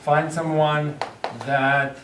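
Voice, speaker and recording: Slow-talking male teacher in echoey room. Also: fairly high pitch, level tone. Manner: thinks aloud, poses questions to the class. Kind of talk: classroom lecture. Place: classroom. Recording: echoey room, distant mic, clear background noise.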